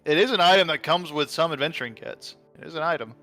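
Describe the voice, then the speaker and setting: Bright, high-voiced joking man. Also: quick pace, soft background music. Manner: joking, playful banter. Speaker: game master. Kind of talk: running a tabletop game.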